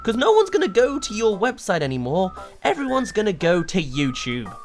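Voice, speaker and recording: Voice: mid-range voice, wildly swooping pitch, moderate pace. A game reviewer giving a rambling, exasperated video review, full of rhetorical questions.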